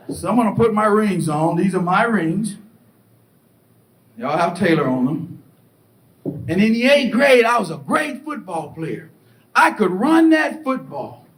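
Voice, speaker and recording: Middle-aged male keynote speaker, high and animated, storytelling with voices; captured from afar in a reverberant hall. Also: slow pace, pauses often. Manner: animated storytelling, acts out voices and asks the crowd questions. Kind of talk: motivational keynote speech. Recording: echoey hall, distant mic, faint rumble.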